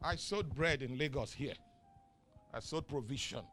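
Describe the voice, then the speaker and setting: A middle-aged man with a Nigerian accent preaching a sermon in call-and-response style. He swings from soft asides to shouts and chuckles often. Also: mid-range voice, moderate pace, over music. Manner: chuckles often mid-sentence. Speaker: pastor.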